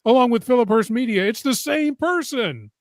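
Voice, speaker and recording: A man's voice: very high-pitched, animated, normal speed, no room sound, clean studio sound. A man hosting a casual live stream, chatting and reading viewer comments aloud. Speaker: host.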